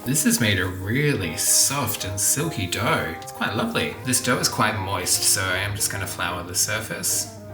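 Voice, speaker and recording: A man's voice: fairly low pitch, animated, moderate pace. A man hosting a cooking vlog, chatting casually and joking at himself as he cooks. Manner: chatty and self-deprecating, talks while cooking. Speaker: cooking channel host. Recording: echoey kitchen with background music.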